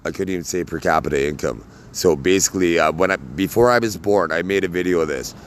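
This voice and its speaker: A man talking casually to camera in a rambling, halting monologue full of fillers and tag questions. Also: low voice, a little hiss or hum. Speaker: vlogger.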